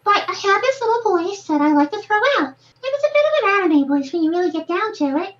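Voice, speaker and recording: A man demonstrating a high, squeaky anime-style little girl voice for a podcast, then stepping it down. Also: very animated, fast talker, fairly bright tone, lo-fi sound, full character voice.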